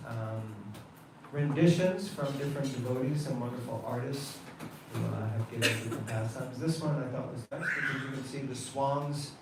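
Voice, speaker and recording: Man telling a devotional story in a reverberant temple. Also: medium pitch. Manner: animated storytelling, frequent laughter. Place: temple hall. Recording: echoey hall, distant mic, faint noise.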